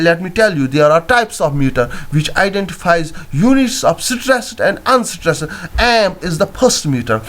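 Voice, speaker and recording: A man teaching poetry in a halting classroom lecture, with many fillers and self-corrections. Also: on the high side.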